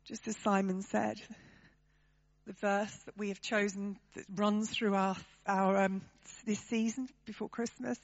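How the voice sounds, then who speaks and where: A woman's voice: medium pitch, little pitch movement, measured pace, highs cut off. A woman preaching a sermon to her church, talking conversationally and turning to the congregation with tag questions.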